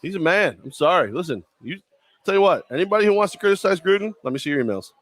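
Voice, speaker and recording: Man joking around, lively pitch. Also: fast talker, no echo. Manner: joking, mock-dramatic banter. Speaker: co-host. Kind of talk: casual sports talk.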